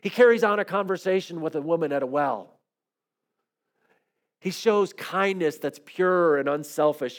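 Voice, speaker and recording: Man, sermon, slightly high voice, storytelling, soft and emphatic turns. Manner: storytelling, shifts between soft quiet phrases and raised emphatic ones. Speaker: pastor.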